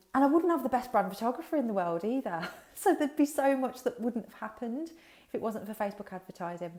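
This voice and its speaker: A woman with a mid-range, darkish voice hosts a laid-back livestream as a business coach. She talks directly to viewers in a chatty, unfiltered style, swearing freely into her headset mic.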